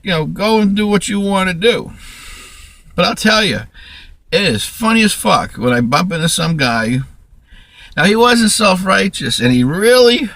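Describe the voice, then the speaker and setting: A man's voice: high-pitched, lively intonation, moderate pace, creaky, fairly bright tone, no room sound. A man ranting in a rambling, profane monologue to camera, restarting sentences often. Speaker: vlogger.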